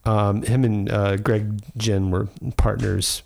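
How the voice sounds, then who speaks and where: A man's voice: on the low side, little pitch movement, takes it slowly, vocal fry, darkish tone, a little hiss or hum. A man hosting a podcast in a casual chat, talking in a rambling, enthusiastic way with many fillers. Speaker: podcast host.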